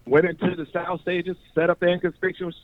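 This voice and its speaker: A man's voice: high voice, level tone, a little fast, slight background noise. A man from North Carolina telling his life story in casual talk, acting out voices in the stories, repeating words and laughing often. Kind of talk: animated storytelling chat. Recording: tinny phone-like radio sound.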